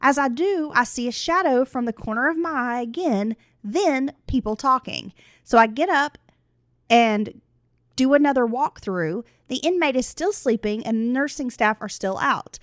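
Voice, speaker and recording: A woman with a fairly high voice co-hosts a casual podcast, reading listener stories and teasing her partner with frequent laughs. Her voice is recorded close and dry, with no room sound. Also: animated, a little slow, no echo. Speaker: podcast co-host.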